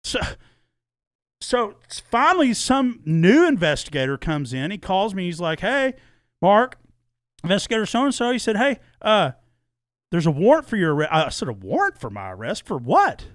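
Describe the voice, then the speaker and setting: A man's voice: high voice, moderate pace, no room sound, clean studio sound. A middle-aged man telling a long personal story in casual podcast chat, acting out the dialogue and swearing freely. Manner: animated, acts out quoted dialogue, swears freely.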